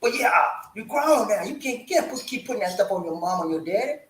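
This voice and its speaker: A man with a high, lively voice gives motivational talk in a vlog, preachy and playful. He keeps firing questions at his listeners and cracking jokes. The room around him rings with echo. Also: fast. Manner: preachy and animated, asks the audience questions and jokes. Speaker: relationship vlogger.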